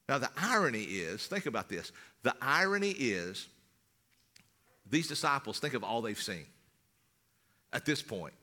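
A middle-aged male pastor preaching in a conversational style, repeating words and swinging from loud to hushed. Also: medium pitch, big pitch swings, moderate pace. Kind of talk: sermon.

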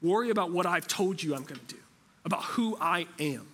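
A man voicing a tender, reassuring Jesus in his sermon, speaking softly and slowly. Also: sits high, expressive, slightly rough, full character voice. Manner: soft and slow.

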